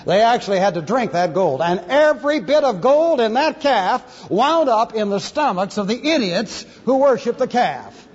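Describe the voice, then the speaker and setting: In a lo-fi recording from an echoing hall, a male pastor gives an expository sermon, teaching the Bible through Greek word study. His voice is extremely high, animated and slightly rough, moving at a moderate pace with few pauses. He speaks emphatically, spells Greek words out letter by letter and drops in dry jokes.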